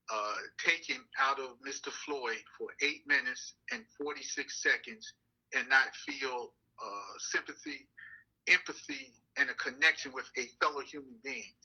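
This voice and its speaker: An older man, a councilman, speaking in an interview in a measured, deliberate way with frequent "uh" fillers. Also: medium pitch, sharp tone, muffled recording. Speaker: city councilman and NAACP president. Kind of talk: interview conversation.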